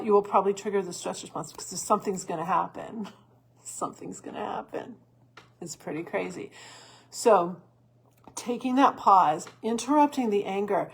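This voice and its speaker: A woman host giving earnest coaching advice in a solo talk, with restarts and soft laughs. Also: medium pitch, slightly rough. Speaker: stress coach and podcast host.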